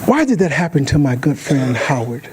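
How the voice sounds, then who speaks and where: A man's voice: on the high side, normal speed, background noise. A man giving a speech to a club, telling stories and acting out the voices of the people in them. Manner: animated, acts out voices in his stories. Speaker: guest speaker. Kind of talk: storytelling speech. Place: meeting hall.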